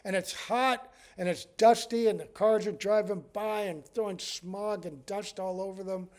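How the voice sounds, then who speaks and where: Monk guy giving a scripture talk, casual, lots of uh and you know, kinda high voice. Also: steady tone, a little slow. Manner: conversational, chuckling, many fillers. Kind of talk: devotional scripture class.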